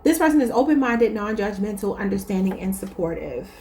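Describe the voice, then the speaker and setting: Woman, Baltimore accent, casual tarot reader, chatty, mid pitch, faint background noise. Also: animated, a little fast, darkish tone. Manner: chatty, addresses viewers as y'all.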